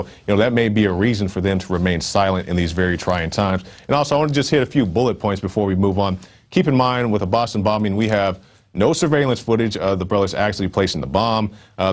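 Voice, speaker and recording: Low-voiced male news host, chatty commentary with frequent fillers between read headlines. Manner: conversational, fillers and asides while reading stories.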